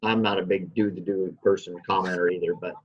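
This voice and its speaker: A man's voice: sits low, steady tone, a little fast, highs cut off. A man co-hosting a casual talk show, encouraging and steering the conversation. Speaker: co-host. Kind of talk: casual chat.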